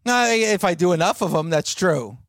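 A man's voice: high voice, expressive, normal speed, a bit bright, dry recording, studio quality. A male radio show host ribbing his co-host in bantering talk, exasperated and mocking.

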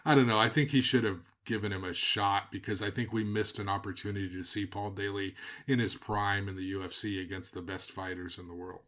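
A man's voice: on the low side, fairly even intonation, brisk, a bit bright. A man co-hosting a casual sports chat, giving his opinions in a conversational way.

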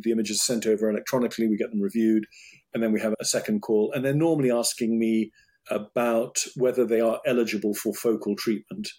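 A middle-aged British man, a urologist, talking things over in an interview, thoughtful and halting, with many restarts. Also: fairly low pitch, dark tone, slightly rough. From United Kingdom. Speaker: urologist guest. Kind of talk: interview conversation.

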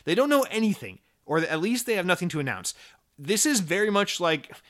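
Male gaming podcast host, fairly high voice, sarcastic and exasperated, swears freely. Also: a bit bright. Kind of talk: casual opinionated news rant.

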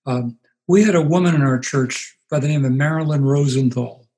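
A man in his eighties, a pastor being interviewed, telling stories in an unhurried way and acting out the voices he quotes. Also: mid-range voice, mellow, rough recording. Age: 80s. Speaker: pastor and guest. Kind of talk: reflective storytelling interview.

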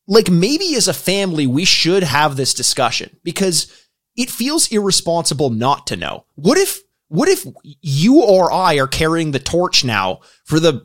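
A man's voice: on the high side, fairly bright tone. A man co-hosting a casual podcast, rambling through stories with bursts of laughter. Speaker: podcast co-host.

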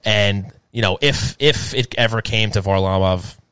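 A man's voice: lowish voice, smooth, no room sound. A man co-hosting a casual sports talk stream, rambling with lots of fillers. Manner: animated, fast, filler-heavy rambling. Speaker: podcast co-host.

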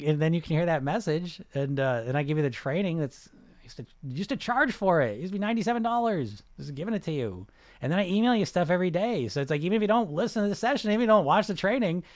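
A man hosting a casual livestream about weight loss, answering viewer comments in an animated, repetitive, salesy way. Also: fairly high pitch, no room sound, clean studio sound.

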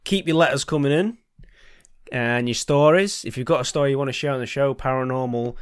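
A man's voice: mid-range voice, brisk, clean tone, dry recording, studio quality. A man hosting a podcast in loose, chatty talk with casual swearing. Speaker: podcast host. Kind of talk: casual chat.

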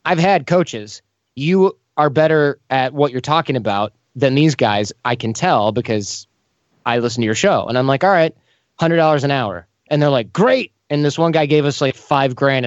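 A man in an interview, telling lively stories and acting out the voices of the people in them. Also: medium pitch, normal speed, dry recording, lo-fi sound. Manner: animated, acts out quoted voices. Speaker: podcast host as guest. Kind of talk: casual storytelling interview.

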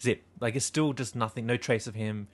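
A man's voice: medium pitch, steady tone, fairly quick. A young man with an Australian accent gone a little American, co-hosting a casual podcast and telling stories. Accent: Australian, turned a little American. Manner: chatty storyteller, acts out quoted lines. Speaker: podcast co-host. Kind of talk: casual chat.

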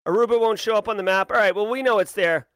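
A man hosting a live stream, casually chatting and giving energetic, playful shout-outs to viewers. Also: sits high, fast talker, clear, resonant tone, no echo. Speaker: livestream host.

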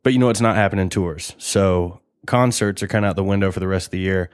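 A man's voice: low voice, steady tone, fast, smooth, no echo, clean studio sound. A young man hosting a podcast, rambling and joking in a casual, profane monologue. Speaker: podcast host.

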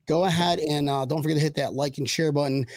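A man hosting a live podcast stream, energetic and jokey, rambling through his questions and shout-outs. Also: on the high side, quick pace, dry recording. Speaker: podcast host.

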